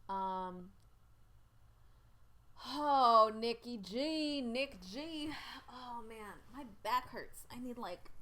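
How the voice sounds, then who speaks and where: This sports picks show host speaks in a fairly bright, higher-pitched voice. Streaming casually from home, she reads out viewer picks and comments to her webcam, rambling chattily and frequently losing her thread.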